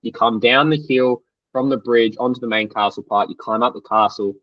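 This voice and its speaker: A young Australian man with an Australian accent, recounting his story as a guest in an interview, animated and tumbling along with lots of "like". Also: mid-range voice, fairly quick, no echo, muffled recording. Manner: animated, tumbling retelling full of "like". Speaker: guest athlete.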